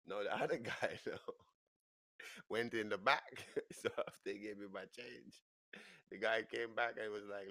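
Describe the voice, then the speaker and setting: A man with a New York accent, a podcast host telling a wild story, laughing as he goes and pitching his voice way up when he quotes people. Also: normal speed, pushed and bright, dry recording, studio quality. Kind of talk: animated storytelling.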